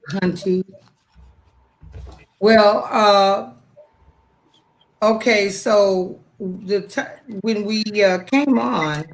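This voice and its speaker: An American woman co-hosting a casual chat, lively and slangy, reacting and telling stories. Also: mid-range voice, rough recording. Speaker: co-host.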